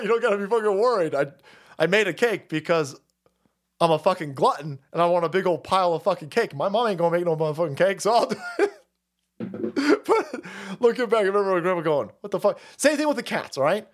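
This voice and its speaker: Male stream host, crude and chatty, tells stories with plenty of laughs, voice swings up and down. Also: high-pitched. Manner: swears constantly, laughs often, animated storytelling. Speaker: livestream host reading chat. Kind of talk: profane casual rant.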